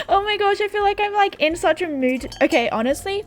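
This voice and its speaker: A woman's voice: sits high, brisk, few pauses. A young Australian woman chatting casually and sarcastically while playing a game, laughing often. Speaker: gaming YouTuber. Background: faint background music.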